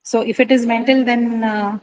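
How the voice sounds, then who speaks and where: A woman's voice: on the high side, steady tone, normal speed, poor audio. Lady teacher walking thru word stress online, lots of uh and right?, bit of background hiss. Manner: explanatory, frequent "uh" and "right?" checks. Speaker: English pronunciation teacher. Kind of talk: online class lecture.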